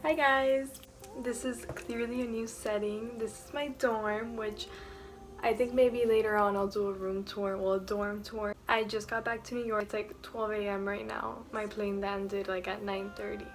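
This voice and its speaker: A woman's voice: medium pitch, measured pace, soft background music. A young woman vlogging from her dorm room at night, telling a story casually with lots of filler words. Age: young adult. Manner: chatty, lots of "like" fillers, animated retelling. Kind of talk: casual story time vlog.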